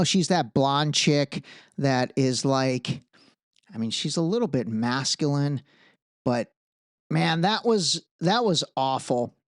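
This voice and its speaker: A man hosting a podcast, giving casual solo commentary in an animated, emphatic way with frequent asides. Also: fairly high pitch, no echo, clean studio sound. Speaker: podcast host.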